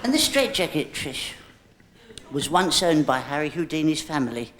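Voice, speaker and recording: A male comic with a high, wildly bouncing voice works a volunteer in his live stand-up act, cheeky and full of innuendo. He keeps shooting up into squeaky shrieks. Loud hiss from an old VHS tape sits under everything. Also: sing-song, moderate pace. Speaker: comedian.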